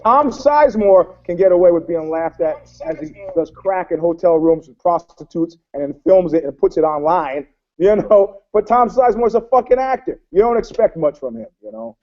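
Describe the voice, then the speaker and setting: A man with a fairly high voice rambles through profane stories in a casual podcast chat, acting out quotes as he goes. He talks over a video call, and the sound is dull and dry. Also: lively intonation, moderate pace, no echo. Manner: profane, rambling storyteller who acts out quotes. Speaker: panelist.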